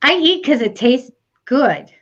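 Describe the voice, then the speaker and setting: A chatty woman co-hosting a psychic show, with a voice pitched a bit high. She rambles from story to story and laughs often. The recording sounds dull and muffled. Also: big pitch swings, a little slow, a bit bright. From United States. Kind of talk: casual chat.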